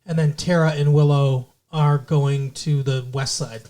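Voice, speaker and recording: A man's voice: fairly high pitch, fairly even intonation, measured pace, darkish tone, slight background noise. A man co-hosting a podcast, recapping a TV episode in a rambling, casual way with lots of fillers and swearing. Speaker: podcast co-host.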